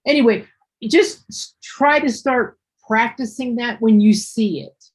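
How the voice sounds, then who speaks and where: A woman's voice: on the high side, a little slow, slightly rough, low-quality recording. A woman teaching a one-on-one English class, explaining patiently step by step with examples.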